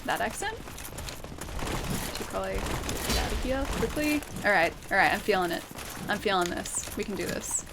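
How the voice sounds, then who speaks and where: A woman's voice: medium pitch, moderate pace, creaky, pauses often. A woman with an Australian accent giving chatty live gameplay commentary, laughing often and thanking viewers as she plays. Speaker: game streamer. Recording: steady background noise.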